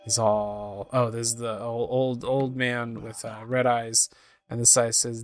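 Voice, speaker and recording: Speaking at a measured pace in a level, medium-pitched voice, a man does laid-back let's-play commentary as a game streamer. He describes what's happening on screen and occasionally reads dialogue aloud in put-on voices; there's no echo.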